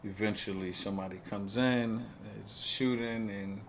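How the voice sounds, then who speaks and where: Low-voiced New York podcast host. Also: male voice, steady tone, a little slow, vocal fry, a little hiss or hum. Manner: supportive, frequent brief affirmations. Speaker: podcast host, retired police executive. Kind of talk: interview hosting.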